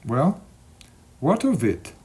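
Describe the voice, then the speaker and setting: A man voicing a willful, teasing young woman in a lively sing-song tone. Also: mid-range voice, slow. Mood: playful.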